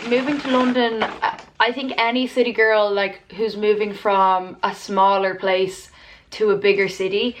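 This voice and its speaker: A woman's voice: medium pitch, a bit bright, slight background noise. A woman in her twenties, vlogging at home in casual, rambling chat with a candid manner and free swearing.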